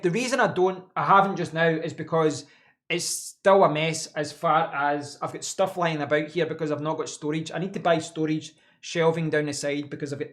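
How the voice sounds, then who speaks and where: A man's voice: on the high side, fairly bright tone. A man hosting a casual live stream from his home office desk, answering chat in a rambling way and repeating words as he thinks.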